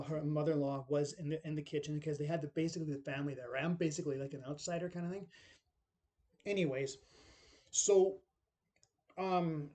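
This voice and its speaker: A man's voice: fairly high pitch, warm tone. A middle-aged man telling a personal story in casual, rambling speech, full of tag questions and acted-out quotes.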